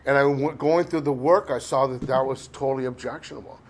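In a fairly quick, medium-pitched voice, a middle-aged man speaks frankly about his recovery, meandering and running himself down, with "you know" sprinkled everywhere. A faint hiss or hum sits under the recording.

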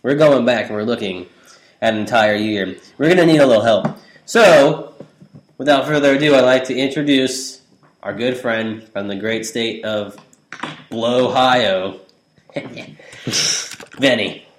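A man's voice: medium pitch, a little slow, pauses often, reverberant, low-quality recording. Rambling enthusiastic podcast host, man. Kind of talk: casual banter.

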